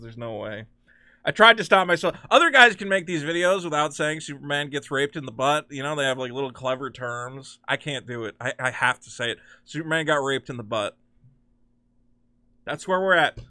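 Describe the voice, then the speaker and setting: A man hosts a comic-book commentary, ranting with incredulous, sarcastic exasperation. His voice swoops widely and has a bright, forceful edge. It is recorded dry and close, with no room sound. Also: a little high, no echo. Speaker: host.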